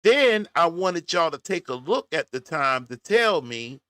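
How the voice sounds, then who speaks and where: A man hosting a reaction video, unhurried and folksy as he chats right at his viewers. His voice is bright and swings widely up and down, and the sound is dry and close. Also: on the high side, very animated, no room sound. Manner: folksy, talks straight to his audience. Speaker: commentary host. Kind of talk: casual reaction commentary to viewers.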